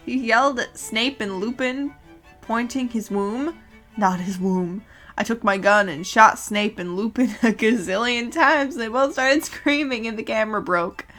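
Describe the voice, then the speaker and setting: A young woman reads a fan story aloud, hamming it up and breaking off for exasperated, sarcastic asides. Her voice is bright and fairly high, and faint music plays underneath. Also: moderate pace. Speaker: host reading a fanfic aloud. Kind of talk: dramatic reading with commentary.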